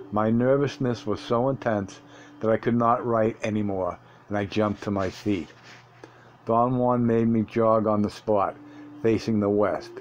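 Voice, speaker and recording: A man narrating a first-person audiobook in a steady reading voice, with occasional slips and restarts. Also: fairly low pitch, highs cut off, a little hiss or hum.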